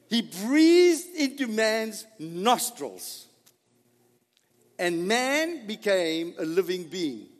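A man's voice: sits high, long reverb tail. A man preaching a sermon, dramatic, full of rhetorical questions and acted-out dialogue. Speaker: pastor.

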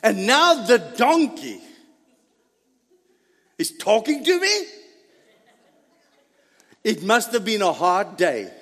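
A male pastor preaching a sermon in a church, theatrical and animated, often breaking into laughter. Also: high-pitched, slow pace, long pauses. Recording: echoey church hall reverb.

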